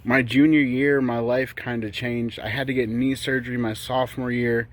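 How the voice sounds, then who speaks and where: A man who is a pastor giving a personal testimony in a steady, reflective way. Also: mid-range voice, normal speed.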